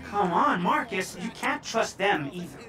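A profane, jumpy young hacker. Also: male voice, sits high, measured pace. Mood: joking. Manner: profane, excitable storytelling. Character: joking, paranoid young male hacker. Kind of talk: video game dialogue. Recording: slightly distant voice over loud game music. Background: game music.

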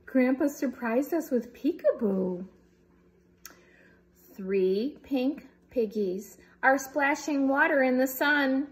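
Woman, high voice, slow and unhurried, storybook reading for kids, playful, animal sounds. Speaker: storybook reader. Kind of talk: reading a picture book aloud for children.

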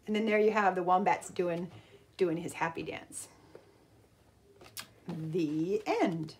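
A woman's voice: mid-range voice, slow pace, husky. A woman teacher reading a picture book aloud and pointing out the pictures, then leading an art lesson. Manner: expressive storyteller, pointing out pictures.

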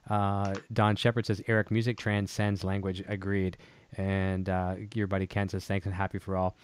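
Smooth low-voiced male host. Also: normal speed. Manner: relaxed, reads comments aloud with many ums and uhs. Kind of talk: casual chat, reading viewer comments.

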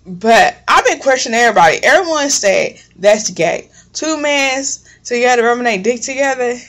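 A woman's voice: a little high, expressive, moderate pace, a bit bright. A young woman vlogger telling a long story in a casual, blunt and profane way, rambling as she goes. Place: home kitchen.

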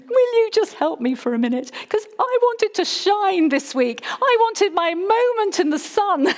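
A middle-aged woman, preaching in storytelling style and acting out her own past words with lively jumps in voice. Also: mid-range voice. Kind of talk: sermon storytelling.

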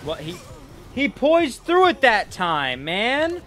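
A man's voice: extremely high pitch, takes it slowly, soft background music. A man giving casual gameplay commentary, swearing and trash-talking the bosses. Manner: profane, excitable, trash-talks bosses. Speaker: gaming video creator.

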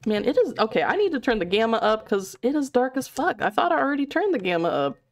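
A woman's voice: on the high side, sing-song, quick pace. A woman streaming a horror game in a giggly, chatty way, swearing casually as she plays. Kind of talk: casual live-stream chat.

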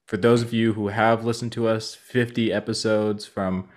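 A man's voice: on the low side, flat delivery, normal speed. A man co-hosting a casual podcast, talking in an easygoing, laid-back way. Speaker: podcast co-host.

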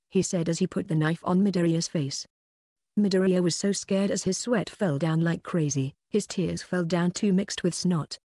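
An audiobook narrator reading a novel in a steady, even way. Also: mid-range voice, moderate pace, no echo, studio quality. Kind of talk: scripted narration.

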